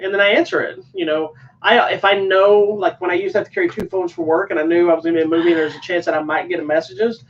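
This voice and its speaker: A man co-hosting a casual podcast chat, talking in an easygoing, rambling way. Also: high-pitched. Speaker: co-host. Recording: dull sound from a distant mic.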